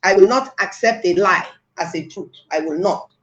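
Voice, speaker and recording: A woman's voice: lowish voice, moderate pace. Nigerian woman making a fiery speech, says things twice, dull muffled recording. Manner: forceful, repeats phrases for emphasis. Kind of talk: impassioned address. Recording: echoey room, dull lo-fi sound.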